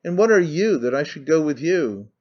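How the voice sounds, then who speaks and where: A man's voice: on the high side, lively intonation, normal speed, darkish tone, lo-fi sound. A male audiobook reader voicing a troubled, half-mad woman who speaks anxiously and turns scornful. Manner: anxious, brooding, turning scornful.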